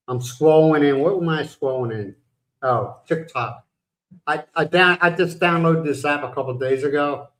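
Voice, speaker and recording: Broadcasting from his home in the Philippines, an older man from the United States runs a casual livestream, blunt and rambling with occasional swearing. His voice is on the high side, and the audio is poor.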